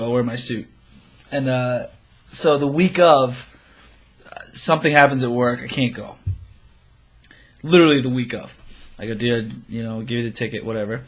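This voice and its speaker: A young man co-hosting a casual chat show, his voice sitting at an ordinary middle pitch. He tells a long story and swears freely. He acts out his friends' lines as he goes. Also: a bit bright. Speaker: podcast co-host.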